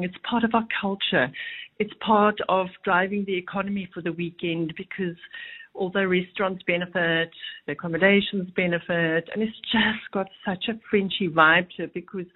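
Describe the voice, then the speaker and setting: A woman speaks as a guest in a radio interview, talking in a friendly, enthusiastic way. Her pitch is ordinary and middle. She comes through a narrow, tinny phone line. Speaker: guest, tourism head.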